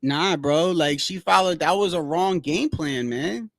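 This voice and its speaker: A man hosting a casual livestream, rambling in a slangy, animated way and repeating himself as he tells stories. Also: fairly high pitch, measured pace, creaky, no echo, clean studio sound. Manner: slangy, rambling, keeps saying "bro". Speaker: livestream host. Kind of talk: casual livestream boxing chat.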